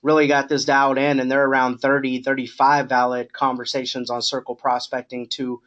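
A middle-aged man coaching a sales agent on a call, talking in a relaxed, encouraging way with many fillers. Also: medium pitch, brisk, highs cut off.

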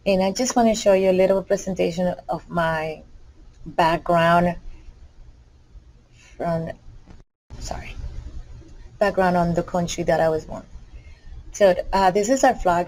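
A woman from the Dominican Republic, a bilingual teacher, talking through a school presentation in an unpolished way, with pauses and self-corrections. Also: lowish voice, a little mellow, rough recording. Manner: hesitant, with fillers and self-corrections.

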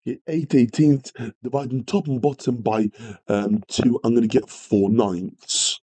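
A man's voice: medium pitch, steady tone, unhurried, warm tone, slightly rough, rough recording. A man teaching a live maths revision lesson, greeting viewers and apologising often as he works through problems. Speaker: maths tutor.

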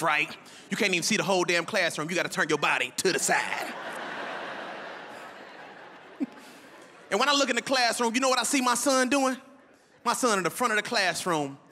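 High bright voiced guy doing standup, exasperated rant with loud bursts, crowd faint in the back. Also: long reverb tail, slight background noise. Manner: animated, exasperated storytelling with sudden outbursts. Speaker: stand-up comedian. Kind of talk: stand-up comedy. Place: comedy club stage.

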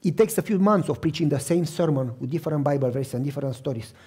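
A middle-aged male pastor telling stories in a sermon, animated and acting out the voices he quotes. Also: fairly high pitch, fast, slightly rough. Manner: animated, acts out quoted voices, repeats for emphasis. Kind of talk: storytelling sermon.

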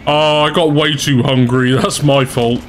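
A man's voice: medium pitch, steady tone, a little slow, faint music behind. A man giving casual, chatty gameplay commentary as a channel host, talking to his viewers and laughing at his own mistakes. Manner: chatty, self-deprecating, talks to viewers.

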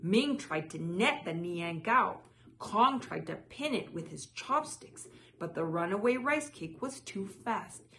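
A woman reading a children's picture book aloud in a soft, measured way. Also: mid-range voice, animated, slight background noise. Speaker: storyteller.

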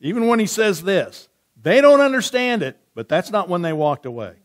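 A man preaching a sermon as pastor, reading scripture slowly and softly, then asking his congregation questions and answering back in a conversational way. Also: high voice, big pitch swings.

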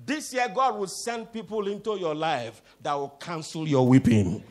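A man delivers a sermon in a noticeably high voice. He repeats phrases for emphasis, breaks into sudden loud exclamations, and keeps pushing the congregation to answer back. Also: normal speed. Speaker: preacher. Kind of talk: sermon with call-and-response.

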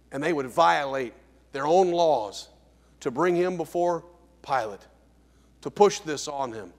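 A man preaching a sermon as pastor, swinging dramatically between shouting and hushed tones. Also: on the high side, in a large hall. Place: church sanctuary.

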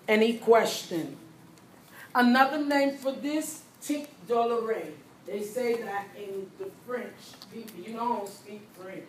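A woman's voice: fairly high pitch, a little slow, a little hiss or hum. A woman teaching a live nursing exam review class, quizzing students and repeating key points. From Haiti. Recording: echoey classroom with faint ambience.

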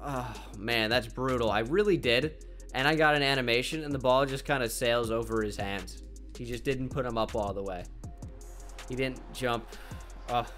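A young man casually commenting on a football video game he is playing, laid-back and self-mocking, with sudden excited outbursts. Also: medium pitch. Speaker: gaming channel host.

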